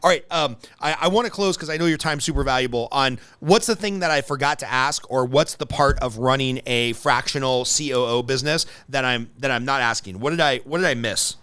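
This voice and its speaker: A man's voice: mid-range voice, a little fast, few pauses, pushed and bright, clear, resonant tone, dry recording. A man from the United States hosting a business podcast, talking bluntly and joking around in casual interview chat. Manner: blunt, joking, swears freely. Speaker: podcast host and business coach.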